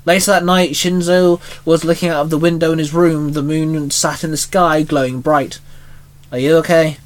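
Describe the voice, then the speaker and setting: A man reading a fan story aloud in a steady way, with small restarts now and then. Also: a little high, normal speed.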